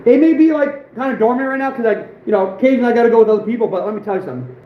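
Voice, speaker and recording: A high-pitched, hoarse young man in his twenties hosts an outdoors livestream and tells fishing and trapping stories, animated and emphatic. His voice rings in an echoey room, and the audio sounds slightly dull with a faint hiss underneath. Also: racing. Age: 20s. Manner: animated, emphatic, repeats phrases. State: going hoarse. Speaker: outdoors channel host. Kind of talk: livestream storytelling.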